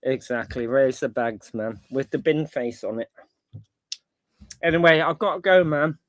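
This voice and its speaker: A man's voice: medium pitch, unhurried, a bit bright, no room sound. A man chatting casually on a panel stream, rambling and slangy, often restarting his sentences. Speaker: panel guest. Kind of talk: casual chat.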